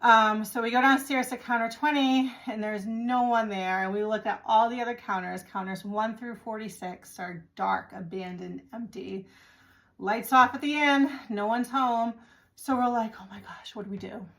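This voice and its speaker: A woman's voice: fairly high pitch, steady tone, normal speed, a bit bright. Chatty woman telling a travel story. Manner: chatty and exasperated, acting out the people in her story. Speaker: vlogger. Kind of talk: casual storytelling to camera.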